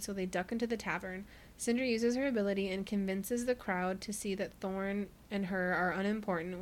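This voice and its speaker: A woman co-hosts a podcast, recapping a book in casual chat, laughing often and saying "like" a lot. Her voice is medium in pitch, with slight background noise.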